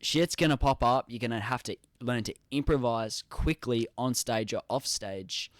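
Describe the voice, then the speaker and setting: An Australian man hosts an interview podcast in a mid-pitched voice. He asks his questions eagerly and answers his guest with frequent affirmations. The recording is close and dry. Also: normal speed, no room sound. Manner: enthusiastic, agreeable, frequent affirmations. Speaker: podcast host. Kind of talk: interview conversation.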